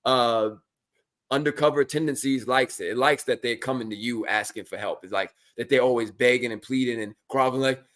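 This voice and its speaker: A man's voice: medium pitch, a little fast. A man co-hosting a podcast, talking casually and acting out quoted lines in exaggerated voices. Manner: animated storytelling, acts out quotes in exaggerated voices. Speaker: podcast co-host. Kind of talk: casual conversational talk.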